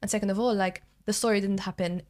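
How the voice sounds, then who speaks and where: A woman's voice: medium pitch, steady tone, quick pace, a little mellow. A young woman from Malta with a Maltese accent, a drama student chatting casually on a podcast and using lots of fillers. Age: young adult. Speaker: drama school student guest.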